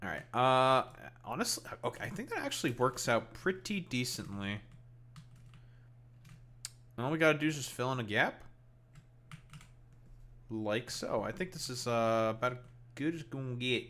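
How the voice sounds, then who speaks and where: Chatting casually while playing a game on stream, a man from Canada speaks in a Canadian accent with a medium-pitched, sing-song, fairly bright voice. He talks at normal speed with long pauses, rambling and swearing offhandedly.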